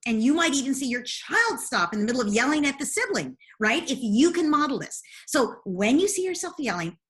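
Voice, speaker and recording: A woman's voice: sits high, very animated, a little fast, a bit bright. A woman guest in an interview, earnestly explaining parenting advice step by step. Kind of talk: interview answers.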